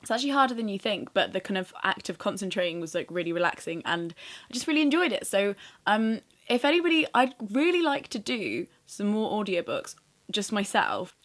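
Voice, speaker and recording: A young woman in her twenties from England, chatting to camera in a self-mocking way with quick asides. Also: mid-range voice, fairly bright tone. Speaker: vlogger. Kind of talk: casual chat to camera.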